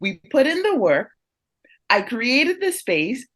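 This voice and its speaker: A woman appearing as a guest speaker on parenting tells an animated family story in conversation, speaking slowly in a fairly high voice. She laughs often and addresses listeners directly.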